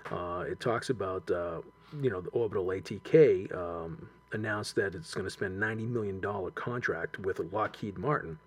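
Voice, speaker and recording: A man's voice: sits low, normal speed, slightly rough. A middle-aged man co-hosting a casual chat, rambling with many fillers and restarts.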